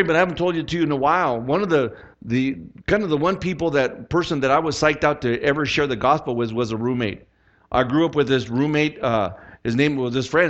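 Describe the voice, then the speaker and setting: Animated pastor preaching a sermon. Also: male voice, a little high, highs cut off. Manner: animated storytelling with acted-out quotes.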